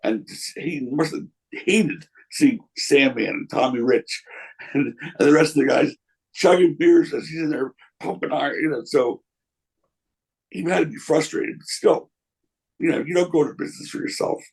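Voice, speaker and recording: A man's voice: fairly high pitch, moderate pace, gravelly, darkish tone, breathy edge, poor audio. An older man, a former wrestling promoter, answering interview questions with candid anecdotes and quoting people along the way. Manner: candid, anecdotal, quotes others in voices.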